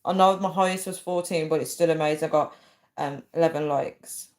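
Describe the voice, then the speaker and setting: A woman's voice: low voice, fairly even intonation, fairly quick, darkish tone. A young woman chatting casually on a livestream, reading out viewer comments and laughing often. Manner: laughs a lot, chatty, reads viewer names aloud. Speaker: livestream host.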